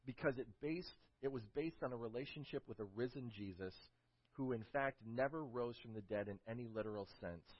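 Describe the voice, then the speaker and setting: A man preaching a sermon, telling a story with emphatic build-ups and closing in a quiet prayer, on a dull lo-fi recording. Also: medium pitch, brisk, no echo. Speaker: pastor.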